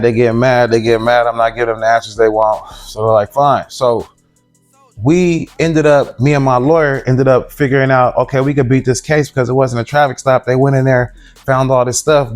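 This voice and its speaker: A man at a middle pitch tells a story in casual street slang, keeping his listener hooked with the same tag line and acting out what the others said. Faint music plays behind him. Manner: slangy, animated, acts out the voices of others. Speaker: interviewee.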